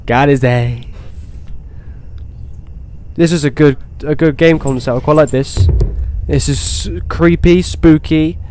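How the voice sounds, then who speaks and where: A young man playing a horror game, talking to himself and swearing, with sudden excited outbursts. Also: a little high, slow, pauses often, slight background noise. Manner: swears, talks to himself, swings between muttering and excited outbursts. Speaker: gaming YouTuber. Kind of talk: horror game let's play commentary.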